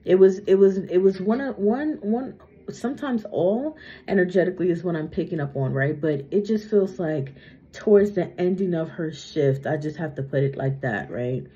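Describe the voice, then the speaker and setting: A woman's voice: on the low side, moderate pace, mellow. A young adult woman doing a psychic reading in a casual monologue, chatty, tagging sentences with "right?" and "okay?", her speech a little slurred from a retainer. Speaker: psychic medium. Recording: muffled lo-fi recording.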